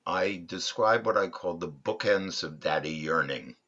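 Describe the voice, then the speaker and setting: A male podcast guest who leads fatherhood workshops, telling stories in a thoughtful, unhurried way with frequent ums and restarts. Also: low-pitched, bright, forceful tone, husky, dull audio. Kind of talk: reflective interview storytelling.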